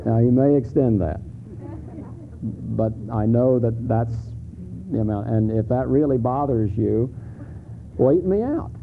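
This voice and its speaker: A man's voice: mid-range voice, measured pace, gravelly, long pauses. A middle-aged man, a pastor, preaching a sermon in a candid, conversational way, stumbling over restarts and rising to emphatic peaks. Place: church sanctuary. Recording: phone-like lo-fi sermon recording with faint hiss.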